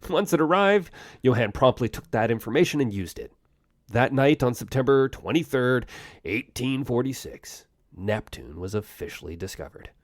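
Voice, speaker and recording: Lively, wry man hosting a science podcast. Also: medium pitch, no room sound, clean studio sound. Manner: conversational, with wry jokes and quick asides. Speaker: podcast host. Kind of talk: solo science history podcast narration.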